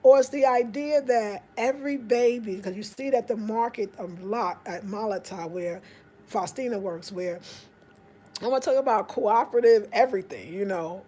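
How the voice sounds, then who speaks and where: Vlogger, woman, African American accent, lively storyteller who slips into quoted voices, slightly high voice. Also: moderate pace. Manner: animated, acts out quotes in raised voice. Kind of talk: casual storytelling.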